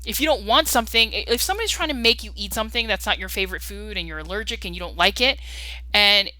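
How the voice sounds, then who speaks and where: Agitated woman ranting, bright dry voice. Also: medium pitch, animated, fast, dry recording, low-quality recording. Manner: agitated, rambling, frequent restarts. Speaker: vlogger. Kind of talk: ranting monologue.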